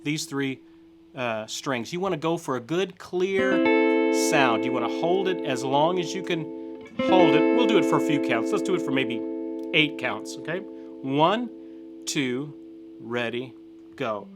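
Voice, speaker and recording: A man's voice: fairly high pitch, expressive, a little slow. Encouraging man teaching guitar. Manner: encouraging, counts aloud, frequent "okay?" check-ins. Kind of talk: step-by-step play-along lesson.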